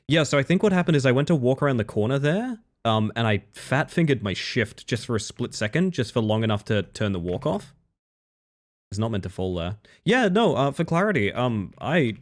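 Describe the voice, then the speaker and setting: Late at night, a man with a mid-range voice streams a speedrun and chats casually with his viewers. He thinks aloud and corrects himself as he plays, sounding a little tired.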